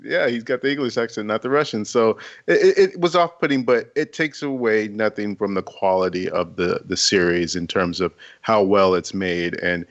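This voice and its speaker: A man's voice: lowish voice, fairly bright tone. A man co-hosting a podcast, giving a casual review and repeating words before his points. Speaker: podcast co-host. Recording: dull lo-fi mic.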